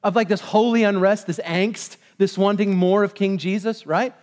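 A man preaching a casual, animated sermon to his church, acting out quotes as he goes. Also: high voice, normal speed, in a large hall. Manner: conversational, animated, acts out quotes. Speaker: pastor.

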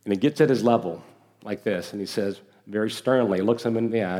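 A man preaching a sermon as pastor, earnest and emphatic, with slow deliberate pauses and repeated phrases. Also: on the low side, dark tone. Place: church sanctuary.

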